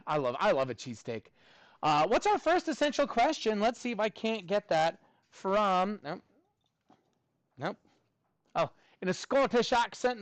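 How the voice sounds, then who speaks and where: Upbeat high-voiced male math teacher. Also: dry recording. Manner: upbeat, jokey asides to students. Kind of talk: classroom teaching. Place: classroom.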